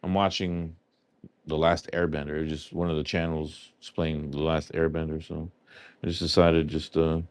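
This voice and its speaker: A man's voice: very deep voice, flat delivery, normal speed, clean tone, no echo. A man with a New York accent, casually chatting with his viewers on a livestream and answering their questions as he goes. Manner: chatty, answers chat aloud, loose and rambling. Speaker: livestream host. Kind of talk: casual live chat with viewers.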